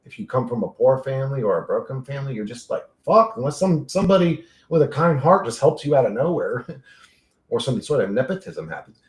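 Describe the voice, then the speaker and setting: A man's voice: medium pitch, big pitch swings, brisk, a little mellow, roomy sound. A man hosting a livestream, rambling casually and profanely while reading and answering chat. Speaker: livestream host.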